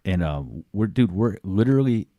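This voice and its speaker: A man's voice: lowish voice, lively intonation, normal speed, dark tone, no room sound, lo-fi sound. A man from the Chicago area, a podcast guest, telling rambling stories in casual, profane chat. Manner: rambling, profane, acts out quoted voices.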